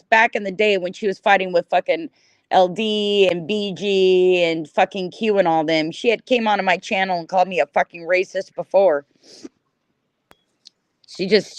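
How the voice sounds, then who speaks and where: A woman's voice: on the low side, dry recording. A middle-aged woman hosting a livestream, ranting at her chat in an angry, profane, repetitive way. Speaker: livestream host.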